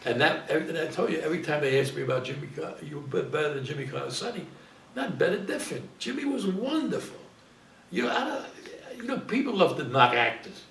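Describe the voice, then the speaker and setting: This older man, a guest actor in a casual interview, has a slightly high, fairly bright voice with big pitch swings and vocal fry, and he talks fast. His anecdotes ramble, full of repetition and self-interruption. He's well off-mic, so the recording sounds roomy, with faint hiss.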